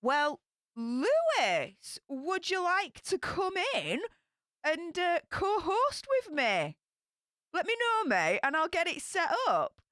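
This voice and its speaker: A woman's voice: very high voice, slow, dry recording, clean studio sound. A young woman with a Yorkshire accent hosting a casual livestream, chatty and upbeat as she greets viewers and reads their comments. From Yorkshire, England. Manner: upbeat, chatty, bursts of excitement. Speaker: livestream host.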